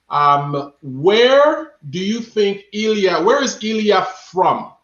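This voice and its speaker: High-voiced man hosting a live game show. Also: a bit bright. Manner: playful, repeats questions to the chat. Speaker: show host. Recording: echoey room, dull lo-fi sound.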